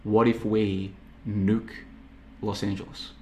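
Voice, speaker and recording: A man's voice: on the low side, flat delivery, takes it slowly, a little mellow, a little hiss or hum. A man voicing a breezy, overly casual American president in a comedic retelling, chummy and glib.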